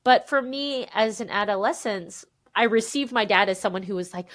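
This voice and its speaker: A woman in her thirties, a podcast guest telling her own story in an animated, emphatic way, acting out what others said to her. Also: medium pitch, moderate pace, few pauses. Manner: animated, emphatic, quotes people in voices. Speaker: podcast guest, memoir author. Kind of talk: candid conversational storytelling.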